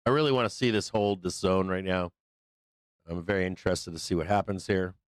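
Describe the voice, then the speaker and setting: A hoarse man hosting a live trading show, giving loose, profane, rambling market commentary on a close microphone. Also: sits low, steady tone, a little fast, no room sound. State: hoarse, losing his voice.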